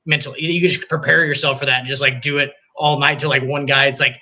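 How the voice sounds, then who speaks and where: A man's voice: mid-range voice, little pitch movement, fast, pushed and bright. A man co-hosting a sports podcast, talking casually with profanity and frequent restarts. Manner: rambling, profane, restarts often. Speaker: podcast co-host.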